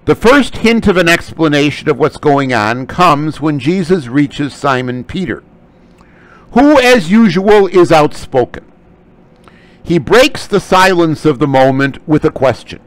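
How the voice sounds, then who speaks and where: A man's voice: on the high side, dry recording, low-quality recording. A man teaching a scripture lecture, explaining Greek terms closely. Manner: slow, animated delivery. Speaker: Bible study teacher.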